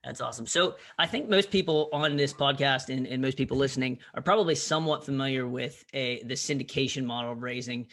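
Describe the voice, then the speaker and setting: A man's voice: medium pitch, a little fast, hardly any pauses. A man hosting a podcast, chatting casually and encouraging his guest. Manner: relaxed, encouraging, casual slang. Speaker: podcast host. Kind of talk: casual interview chat.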